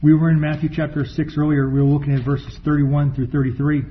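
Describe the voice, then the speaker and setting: Preacher man slowing down to stress words. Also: fairly high pitch, level tone. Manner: slows down to stress words, reads scripture deliberately. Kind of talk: sermon with scripture reading. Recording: dull recording with faint room noise.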